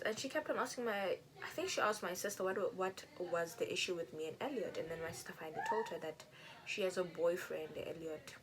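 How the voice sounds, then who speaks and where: A woman's voice: fairly low pitch, brisk. A young woman from South Africa, chatting while doing her makeup and telling a personal story, acting out quotes in a raised voice. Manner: animated, acts out quotes in a raised voice. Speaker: beauty vlogger. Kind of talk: chatty get-ready-with-me storytelling.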